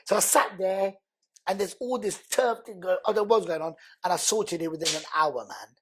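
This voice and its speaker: A man, a podcast guest telling personal stories in an animated way and acting out what other people said. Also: sits high, normal speed, background noise. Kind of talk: emotional storytelling in conversation.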